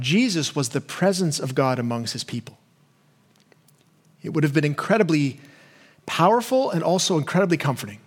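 A man preaching a sermon as a pastor in an earnest way, acting out imagined questions to God and going soft and low on key points.

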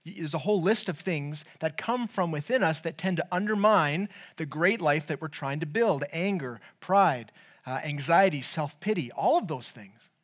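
A man giving a sermon in a conversational, storytelling way, with frequent restarts and a voice that gets louder when he quotes someone. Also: a little high, lively intonation, moderate pace. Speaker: preacher.

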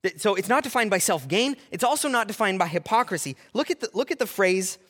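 High, lively-voiced male preacher. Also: fast, in a large hall. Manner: animated preaching with rhetorical questions. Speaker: pastor. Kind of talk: sermon.

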